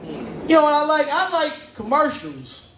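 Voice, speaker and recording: A man's voice: extremely high pitch, sing-song, a little slow, a bit bright, reverberant, slight background noise. A man performing a stand-up comedy set on a pub stage, chatting with the crowd and laughing at his own jokes.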